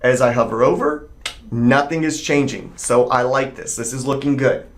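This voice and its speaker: A man teaching a screen-recorded software tutorial, explaining each step in a conversational way and thinking aloud as he works. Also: medium pitch, moderate pace.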